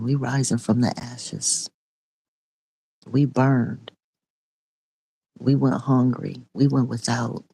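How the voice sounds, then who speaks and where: A woman's voice: extremely low pitch, vocal fry, dark tone, breathy edge, dry recording. A middle-aged woman and online preacher giving an impassioned spoken testimony in a repetitive, raw preaching cadence.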